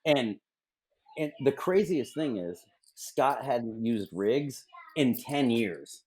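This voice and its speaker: A man hosting a podcast, retelling a story in a quiet, low voice. He sits a little away from the microphone. His voice has an ordinary middle pitch. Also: expressive, slow pace, husky. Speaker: podcast host. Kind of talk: casual chat.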